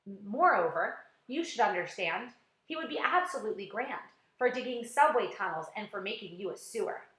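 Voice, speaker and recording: A woman's voice: mid-range voice, expressive, moderate pace, a bit bright, lightly acted. A woman voicing a cheerful small boy in a storybook, eager and friendly, in an echoey room.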